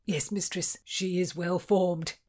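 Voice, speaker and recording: A woman's voice: on the low side, fairly even intonation, takes it slowly, darkish tone. A woman voicing an eager, lovestruck young male servant who blurts out his words earnestly.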